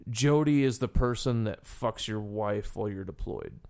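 Male host with a gravelly voice and blunt, crude humor. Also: fairly low pitch, animated, moderate pace, darkish tone. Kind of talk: casual podcast chat.

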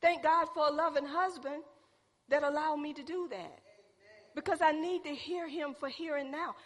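Woman preaching in a church hall, animated and engaging, high-pitched with a ringing reverb. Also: normal speed. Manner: animated, calls out to the congregation. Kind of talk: sermon with personal storytelling.

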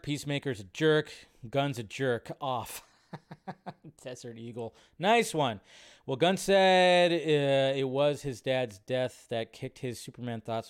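A man's voice: mid-range voice, clear, resonant tone. Chatty male live-stream host. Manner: rambling, filler-heavy, chatty. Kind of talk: casual live-stream commentary.

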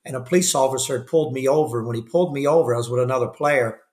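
A man's voice: mid-range voice, rapid-fire, a little mellow. An older man telling a candid story in an interview, rambling with restarts and fillers. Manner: acts out the voices of people he quotes; candid and self-deprecating. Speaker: podcast guest.

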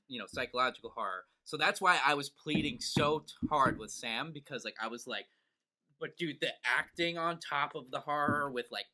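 A young man from New York co-hosting a podcast, laid-back and quick to laugh in casual chat. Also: medium pitch, bright, forceful tone. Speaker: podcast co-host.

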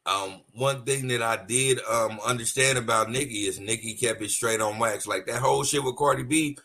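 A man co-hosting a podcast, chatting casually with profanity and animated storytelling full of stumbles and restarts. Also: medium pitch, moderate pace, husky. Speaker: podcast co-host. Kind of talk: casual chat.

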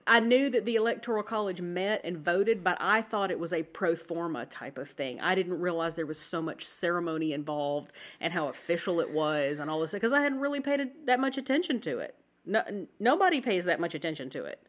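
A woman co-hosting a casual podcast chat while sick with the flu, coughing now and then, chatty and quick to laugh. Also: fairly low pitch, animated. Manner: chatty, rambling, laughs easily. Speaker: podcast co-host.

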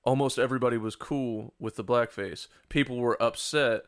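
A man's voice: mid-range voice, fairly even intonation, moderate pace. A man co-hosting a podcast, joking sarcastically in casual crude banter. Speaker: podcast co-host.

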